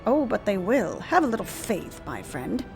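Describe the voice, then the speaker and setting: A woman voicing a proud, scheming male imperial lord in a video game, measured and condescending. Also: mid-range voice, sing-song, creaky, over music, pitched below the performer's own voice.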